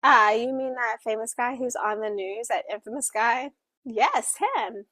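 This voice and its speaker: Book club co-host, woman; slightly high voice, unhurried, lots of "like" and "um", dry close sound. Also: no echo. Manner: animated retelling with acted-out quotes, frequent fillers. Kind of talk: casual book club plot summary.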